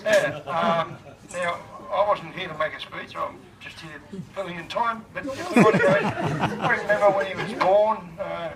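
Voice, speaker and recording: High-voiced dad speaking over a loud crowd. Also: male voice, moderate pace, creaky, rough recording. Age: middle-aged. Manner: rambling and hesitant with many fillers. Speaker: father of the birthday man. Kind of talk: casual party speech. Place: party in a shed. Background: loud party crowd.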